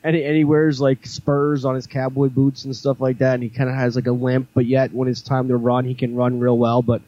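A man's voice: mid-range voice, flat delivery, brisk, mellow, no room sound, dull audio. A man co-hosting a casual podcast, telling a long story with many fillers and restarts. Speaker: podcast co-host. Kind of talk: casual chat.

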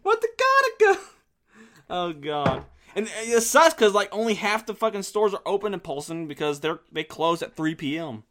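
Male podcast co-host, fairly high voice, relaxed banter, quick to laugh. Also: noisy background. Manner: laughs often, easygoing. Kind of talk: casual chat.

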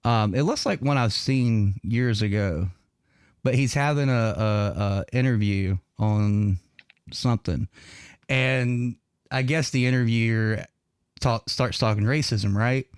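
A man's voice: mid-range voice, takes it slowly, clean tone, no echo, studio quality. A man with a Southern US accent hosting a podcast, talking in a rambling, casual way with lots of fillers and laughs. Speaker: podcast host.

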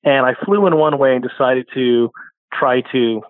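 A man talking casually as an interview guest, rambling, correcting himself and chuckling between thoughts. His voice comes through a tinny, phone-like line, dry with no room sound. The pitch is middling for a man. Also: moderate pace, no echo. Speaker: podcast guest, automotive storyteller.

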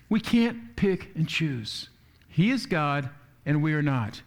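High-pitched man preaching a sermon. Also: measured pace. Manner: animated preaching, acting out quoted voices. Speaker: pastor. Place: church.

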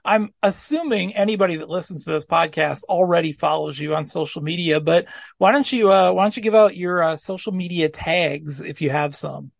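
A man's voice: fairly high pitch, moderate pace, gravelly, no echo, clean studio sound. A man hosting a podcast in casual, jokey chat, laughing often. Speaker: podcast host.

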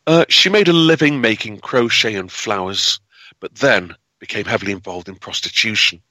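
Bright, dramatic male history storyteller. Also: on the low side, moderate pace, dry recording, rough recording. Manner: dramatic, with frequent fillers and restarts.

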